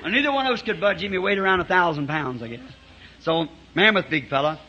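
A man's voice: sits high, animated, fast talker, sharp tone, soft background music. A man preaching a storytelling sermon to a congregation in a church, telling it in a folksy way with frequent chuckles. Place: church meeting before a congregation. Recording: dull, muffled 1960s sermon tape.

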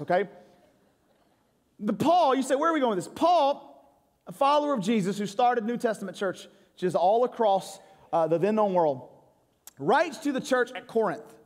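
A man's voice: sits high, darkish tone. A man preaching a sermon, a pastor who tells comic stories and keeps quizzing his congregation. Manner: joking, crowd-engaging storytelling. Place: church sanctuary. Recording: long hall reverb.

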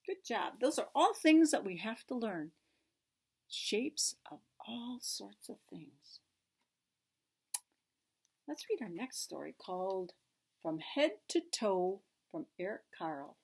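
A woman leading a church story time, gently asking small children questions and reading picture books aloud. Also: mid-range voice, animated, takes it slowly, creaky, slightly rough. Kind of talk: picture-book read-aloud for toddlers.

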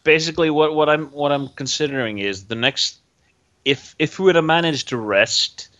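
A man's voice: a little high, normal speed, fairly bright tone. A man playing a tabletop game, thinking aloud with hesitations and restarts. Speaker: player.

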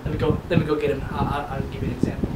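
A young man auditioning as a comedian, setting up sketches in a hesitant, low-key way. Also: little pitch movement, rapid-fire, heavy background noise. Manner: hesitant, low-key setup talk with fillers. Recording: echoey room, far mic, guitar music.

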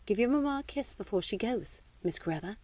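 A woman's voice: mid-range voice, animated, a little fast, darkish tone, dry recording, recorded from a distance, natural voice. A woman voicing a polite, dutiful governess. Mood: deferential. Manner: polite, deferential. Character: proper, attentive female governess, dutiful and polite.

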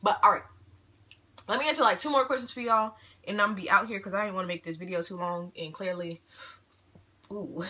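A woman's voice: mid-range voice, fairly quick, pauses often, pushed and bright. An eighteen-year-old woman chatting casually to her viewers at home in a Q&A vlog, bubbly and playful, teasing herself as she talks. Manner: bubbly, talkative, playful self-teasing, addresses viewers as y'all. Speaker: vlogger.

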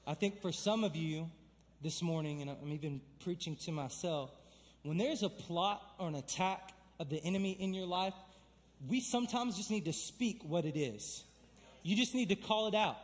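A young man preaches in a church with a high, bright voice, his words ringing through a long hall reverb. He talks casually and then builds to fervent, emphatic calls. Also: normal speed. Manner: energetic, conversational preaching with emphatic build-ups. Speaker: pastor. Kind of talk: sermon. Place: church sanctuary.

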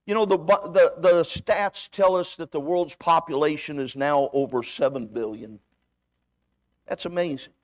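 A man's voice: on the high side, unhurried, dry recording. A man preaching a sermon as a visiting evangelist. He tells personal stories in a folksy way, acting out both sides of the conversations and often repeating his words. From United States. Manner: folksy storytelling, acts out dialogue, repeats words. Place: church sanctuary.

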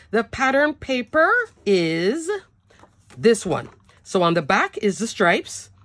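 A woman's voice: fairly low pitch, dry recording. A woman showing her handmade cards in a chatty, enthusiastic craft tutorial, often checking in with "okay?". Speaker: cardmaking demonstrator.

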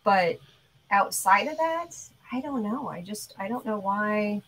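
Relaxed woman hosting a chatty craft show. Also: medium pitch, measured pace, slight background noise, poor audio. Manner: relaxed, chatty, reads viewer comments. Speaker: host. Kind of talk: casual chat.

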